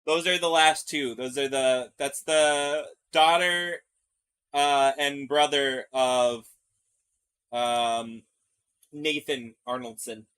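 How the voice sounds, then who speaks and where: A man's voice: mid-range voice, fairly even intonation, takes it slowly, a bit bright, clear, resonant tone. A man streaming live, reading captions aloud from a video and stopping to comment on them. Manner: reads on-screen text aloud, then comments. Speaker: streamer reacting to a video series. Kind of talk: live reaction with read-alouds. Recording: music playing behind the voice.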